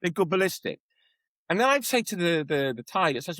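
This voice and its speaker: A man's voice: sits high, a little fast, no echo, low-quality recording. A man guest on a podcast, an educator telling stories in conversational interview style, acting out the voices of people he quotes. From Wales. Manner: animated storyteller, acts out quoted voices.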